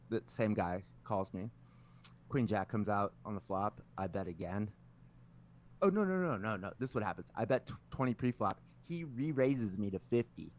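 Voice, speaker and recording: A man's voice: on the low side, a little hiss or hum. A man co-hosting a podcast, telling a long story in casual chat, rambling with many filler words and frequent swearing. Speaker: podcast co-host.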